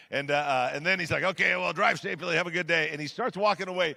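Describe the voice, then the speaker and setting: A man's voice: on the high side, fast talker, gravelly, hardly any pauses, bright, forceful tone. A middle-aged man preaching, telling a story in a chatty, self-deprecating way with many fillers, in a church sanctuary. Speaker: guest pastor. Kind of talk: sermon storytelling. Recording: large hall with long reverb.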